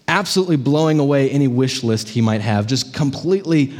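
A man preaching a sermon as pastor, telling stories in an animated way and checking in with the congregation. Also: medium pitch, fairly quick, long reverb tail. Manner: animated storytelling, frequent "right?" check-ins.

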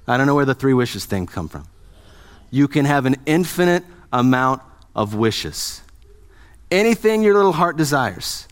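A male pastor preaching to his congregation in a relaxed, conversational way. He jokes often and stops to ask the people in front of him questions. His voice sits at an ordinary middle pitch for a man. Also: normal speed. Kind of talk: sermon.

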